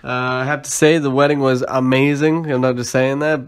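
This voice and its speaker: A man's voice: medium pitch, level tone, a little fast, clear, resonant tone. Man chiming in on a podcast. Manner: brief reactions and laughs. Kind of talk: casual chat.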